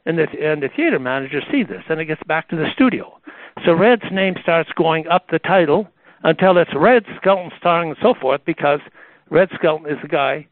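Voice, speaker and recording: A man telling anecdotes on a radio call in a lively storytelling manner, acting out the people in his tales. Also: a little high, moderate pace, no echo. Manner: animated, acts out the voices in his stories. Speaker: guest telling stories about a friend. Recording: tinny phone-like radio line.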